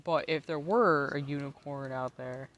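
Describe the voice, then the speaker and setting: A man's voice: a little high, measured pace, fairly bright tone, lo-fi sound. A tipsy man live-streaming a game, giggly, swearing and rambling to his chat. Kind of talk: casual live-stream chat while gaming.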